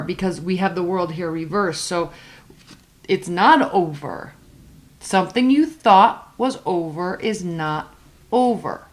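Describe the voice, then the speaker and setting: Casual female tarot reader, chatty and emphatic, stretches key words for stress. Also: medium pitch.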